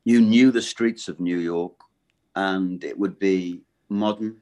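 A middle-aged man with a deep, low voice, chatting as a voice actor guest in a rambling, halting way. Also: steady tone, a little mellow. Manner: rambling, halting and self-correcting. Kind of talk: casual interview chat.

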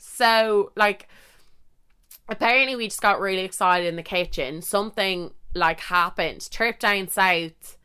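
A woman's voice: lowish voice, pushed and bright, smooth. A young woman with an Irish accent, chatty and full of swearing and fillers, telling a story casually.

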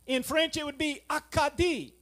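A man preaching a sermon, telling a family story, then driving home points with loud emphasis and quiet asides. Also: extremely high pitch, moderate pace. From South Louisiana.

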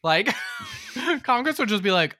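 A man co-hosting a podcast, recapping a movie in casual chat, sarcastic and often mock-quoting in a flat undertone. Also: high-pitched, unhurried. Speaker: podcast co-host.

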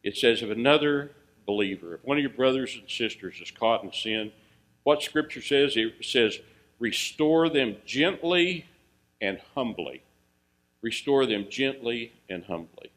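A man's voice: moderate pace, fairly bright tone, poor audio. A man preaching a sermon in a folksy way, asking his listeners questions and lifting his voice when he quotes scripture. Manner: rises in pitch and volume reading scripture, drops low for asides; folksy, asks the audience questions. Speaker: pastor.

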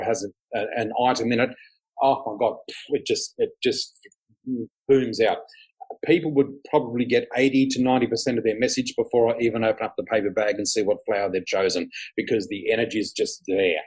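A middle-aged man chats casually as a podcast guest. His voice is husky and his delivery is animated, full of storytelling and acted-out dialogue. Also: lowish voice, rough recording. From Australia. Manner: animated storyteller, often laughing, acts out quotes. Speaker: guest psychic. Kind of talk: casual interview chat.

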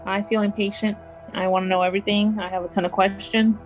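A woman's voice: medium pitch, flat delivery, fast, muffled recording, soft background music. A woman co-hosting a true-crime podcast who wraps up the show in a friendly, casual way. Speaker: podcast co-host. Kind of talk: casual chat, reading the show's sign-off.

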